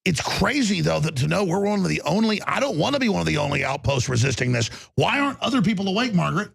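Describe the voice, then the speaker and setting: A man with a gravelly, husky, somewhat high voice hosts a lively talk panel. He jumps in constantly and steers the conversation between guests with eager enthusiasm. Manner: interjecting, enthusiastic, fast-talking. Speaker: talk show host. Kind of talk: animated panel hosting.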